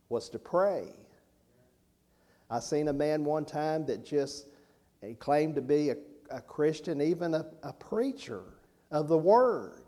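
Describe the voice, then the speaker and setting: Male preacher, slow unhurried delivery, warm mellow tone, conversational sermon. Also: a little high.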